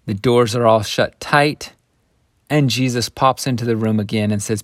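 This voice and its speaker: A man's voice: mid-range voice, moderate pace, no echo, studio quality. A man teaching a Bible lesson, retelling the story in a conversational way with folksy asides. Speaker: scripture teacher.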